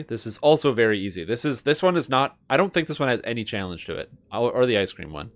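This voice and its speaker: A man's voice: mid-range voice, lively intonation, quick pace, hardly any pauses. Guy streamer just chatting, goofy, trying tongue twisters and messing up. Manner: playful, reads tongue twisters aloud, stumbles and laughs at himself. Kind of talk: casual live-stream chat.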